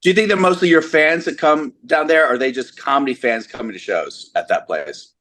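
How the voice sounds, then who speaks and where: A man's voice: mid-range voice, fairly quick, fairly bright tone. A man co-hosting a casual podcast, telling an anecdote in a chatty storytelling way. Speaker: comedian co-host.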